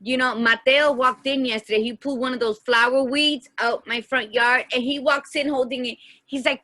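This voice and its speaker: Brisk and with few pauses, a woman with a fairly high, pushed and bright voice co-hosts a casual podcast. She tells heartfelt stories from her own life, voicing the conversations in them.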